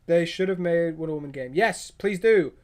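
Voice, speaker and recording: Excitable higher-voiced male streamer. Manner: excitable, rambling, quick restarts and opinionated asides. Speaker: livestream host. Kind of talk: casual livestream chat, reacting to viewer comments.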